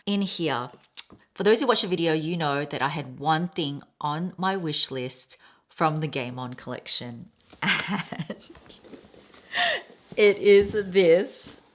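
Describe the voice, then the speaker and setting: A woman's voice: low-pitched, animated, a little slow, fairly bright tone. Chatty woman rambling on. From Australia. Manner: chatty, rambling, storytelling with quoted voices. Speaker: vlogger. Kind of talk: casual haul chat.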